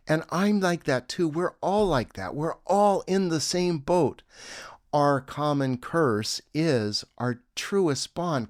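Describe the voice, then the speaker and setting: A man's voice: medium pitch, expressive, slow, no room sound, studio quality. A man giving a reflective teaching talk with a breathing exercise, earnest and musing, with audible exhaled sighs. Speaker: self-help teacher.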